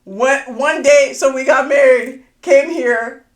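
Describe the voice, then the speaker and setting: A woman hosting a podcast, telling a personal story in casual chat, animated and quick to swear. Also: high voice, roomy sound. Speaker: podcast host.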